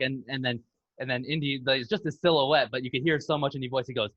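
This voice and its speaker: A man's voice: mid-range voice, steady tone, fast, a bit bright, dry recording, muffled recording. A man co-hosting a casual film podcast, eagerly retelling movie scenes and acting out their lines. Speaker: podcast co-host.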